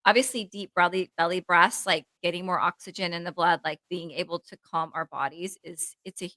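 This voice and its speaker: Bright, animated woman therapist chatting. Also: on the low side, fairly quick, no echo, low-quality recording. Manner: animated, rambling with many "like"s, acts out her inner voice. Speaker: therapist co-host. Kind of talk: casual podcast chat.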